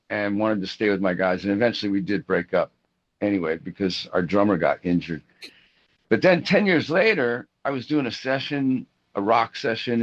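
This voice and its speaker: A middle-aged man talking in a casual interview about his career as a rock guitarist. He rambles through stories with many restarts and fillers, and acts out the people he quotes. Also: fairly low pitch. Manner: animated, acts out quoted voices. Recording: dull lo-fi audio.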